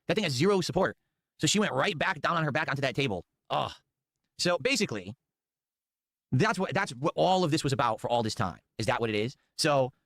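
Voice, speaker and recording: A man's voice: a little high, no room sound, clean studio sound. A man hosting a commentary show, reacting to clips in a mocking, rambling way. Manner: mocking, animated, rambling asides. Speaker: commentary channel host.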